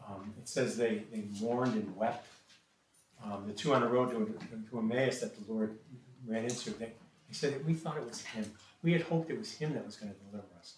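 A man's voice: mid-range voice, brisk, slight background noise. A man preaching a sermon and reading scripture, often hesitating with repeated words and ums. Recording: echoey room from a distant mic.

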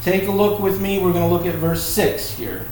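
A man's voice: high-pitched, expressive, normal speed, a little mellow, recorded from a distance, slight background noise. A man with a Virginia accent preaching a Bible lesson, emphatic and folksy, repeating his key points. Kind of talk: Bible teaching sermon. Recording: very echoey room.

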